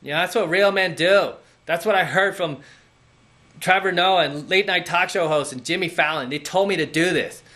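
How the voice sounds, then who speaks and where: A man's voice: sits high, moderate pace, sharp tone, voice pushed up. A man putting on the voice of an earnest, obedient man who repeats slogans in a mocking, sing-song way.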